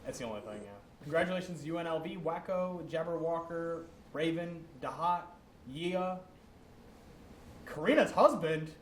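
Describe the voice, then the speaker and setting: A young man co-hosts a casual esports recap, rattling off player names between jokes. His voice sits a touch high. It sounds echoey, with faint background noise. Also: normal speed. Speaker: co-host.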